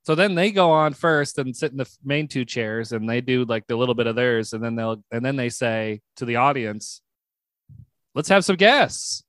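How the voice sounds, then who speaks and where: A man co-hosting a casual podcast, telling a story animatedly and breaking into loud mock yelps. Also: mid-range voice, brisk, hardly any pauses, smooth, dry recording, studio quality. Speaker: podcast co-host.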